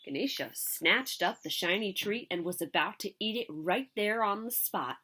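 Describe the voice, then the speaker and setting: Animated woman reading a picture book aloud. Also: medium pitch, moderate pace, a little hiss or hum. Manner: expressive, animated. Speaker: story reader.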